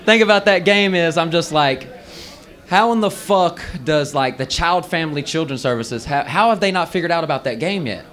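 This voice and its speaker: Fairly high-pitched, expressive, and a bit bright, the Southern-accented comedian speaks at normal speed. He's in his thirties, from the American South, performing a loose, profane stand-up set with drawled asides on a bar open mic stage.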